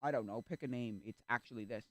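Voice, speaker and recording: A man streaming and chatting casually, animated and easily exasperated, acting out little reactions. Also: mid-range voice, fast talker, dry recording. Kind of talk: casual chat.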